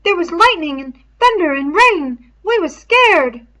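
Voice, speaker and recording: A woman doing a shrill fretful schoolboy. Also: expressive, unhurried, bright, forceful tone, exaggerated voice. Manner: shrill, agitated pleading.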